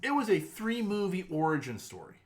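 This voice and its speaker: A man co-hosting a podcast in casual chat, halting with many repeated starts. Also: sits high, sing-song. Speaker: podcast co-host.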